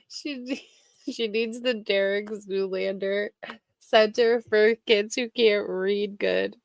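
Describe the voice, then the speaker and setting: A woman's voice: mid-range voice, fairly even intonation, very slow, pauses often, dry recording. A woman hosting a reaction stream, commenting sarcastically on clips with frequent laughter and insults.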